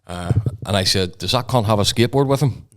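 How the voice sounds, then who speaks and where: A man's voice: on the low side, a little fast. A man, co-hosting a podcast and telling blunt, sweary stories in casual banter. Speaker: podcast co-host.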